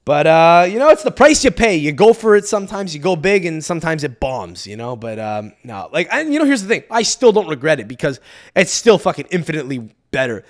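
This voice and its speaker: A young man hosting a podcast, telling a story as a profane, animated rant that swings between loud outbursts and muttered asides. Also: a little high, brisk. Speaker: podcast host. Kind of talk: ranting storytelling monologue.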